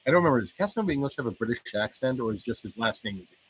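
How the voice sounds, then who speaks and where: A man's voice: mid-range voice, animated, very fast, breathy edge, low-quality recording. A man hosting a podcast, chatting loosely and rambling, joking and swearing as he reacts to wrestling results. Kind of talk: rambling casual commentary.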